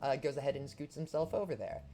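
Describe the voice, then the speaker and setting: A man's voice: a little high, fast, gravelly, mellow, faint music behind. A man narrating as game master of a tabletop game, rambling with many fillers.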